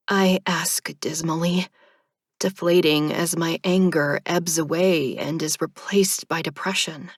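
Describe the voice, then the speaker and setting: A woman narrating a first-person audiobook in a measured, even way. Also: low voice, slightly rough, no room sound, clean studio sound.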